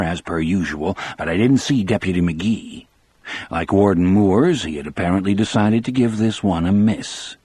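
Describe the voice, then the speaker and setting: A man narrating an audiobook in the first person with a measured, steady delivery. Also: deep voice, slightly rough, dry recording.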